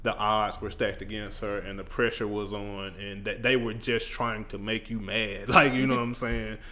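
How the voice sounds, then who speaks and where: A man co-hosting a podcast, talking politics in a relaxed, casual, conversational way. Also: lowish voice, normal speed. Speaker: podcast co-host.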